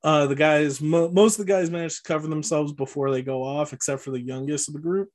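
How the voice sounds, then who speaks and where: A man's voice: fairly high pitch, fairly even intonation, brisk. A man co-hosting a podcast, casually recapping a movie plot with lots of fillers and frequent laughs. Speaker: podcast co-host.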